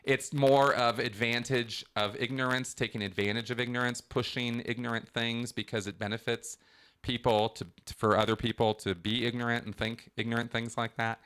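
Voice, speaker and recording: A middle-aged man hosting a call-in show, talking in a casual, animated, emphatic monologue with frequent restarts. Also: medium pitch, moderate pace, clear, resonant tone.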